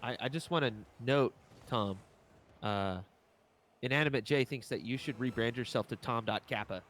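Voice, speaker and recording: A man doing live play-by-play esports commentary, excitable and jokey, his voice jumping up on big plays. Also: normal speed, a little hiss or hum. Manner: excitable jumps in pitch, jokey asides.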